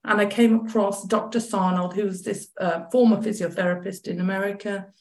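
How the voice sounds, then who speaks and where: A woman, a chronic pain coach as guest, telling a personal story in lively conversation and acting out what others said. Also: medium pitch, fairly quick, reverberant. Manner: animated, acts out quoted dialogue.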